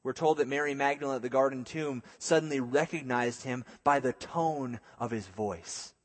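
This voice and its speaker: A man's voice: mid-range voice, normal speed. Man preaching in a reverberant hall. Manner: conversational preaching with jokey asides. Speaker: pastor. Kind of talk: sermon.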